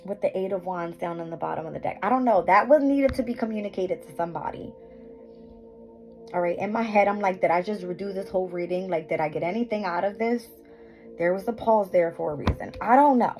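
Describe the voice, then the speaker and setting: A woman with a medium-pitched, slightly mellow voice moves briskly through a casual astrology and tarot reading for viewers at home, swearing, scattered, stumbling on words, interrupting herself, and laughing at her errors. The recording is rough, with background music.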